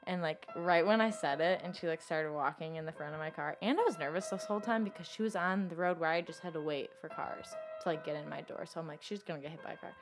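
A woman's voice: low-pitched, fast, few pauses, music in the background. Young woman, chatty with "like" fillers. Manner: fills nearly every phrase with 'like', swings between loud and hushed. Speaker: interviewee telling her own story. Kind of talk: casual storytelling.

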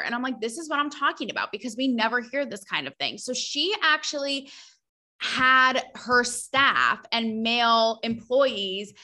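Podcast host: young woman, bright, slightly high voice, blunt and sarcastic. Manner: blunt, sarcastic, animated, quick asides. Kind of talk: casual opinionated monologue.

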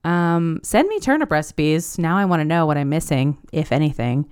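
Gushing woman podcaster, smooth low voice. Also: expressive, moderate pace, a little mellow. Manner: gushing, chatty and rambling. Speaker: podcast host. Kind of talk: casual podcast monologue.

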